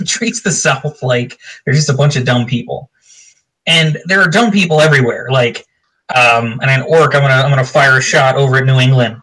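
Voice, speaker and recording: Male co-host, bright tone, loose and rambling, quick to laugh. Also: medium pitch, poor audio. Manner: rambling, animated, laughs often. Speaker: podcast co-host. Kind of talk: casual chat.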